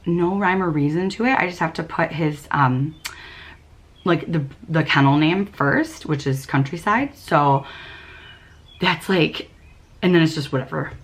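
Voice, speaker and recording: A young woman hosts a knitting podcast in a relaxed, chatty way. Her voice sits low, and she fills her talk with ums, restarts and small laughs. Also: a little slow. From United States. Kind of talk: casual chat.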